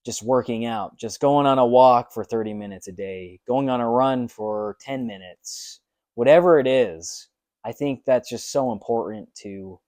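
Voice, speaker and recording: Young man, earnest motivational vlog talk, mid pitch, dry close recording. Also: dark tone, no room sound. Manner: earnest and motivational, with frequent ums. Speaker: fitness vlogger. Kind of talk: personal vlog monologue.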